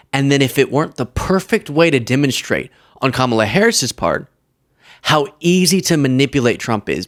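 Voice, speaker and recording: A man's voice: medium pitch, dry recording, clean studio sound. A man hosting a political commentary show, talking casually and sarcastically and often laughing.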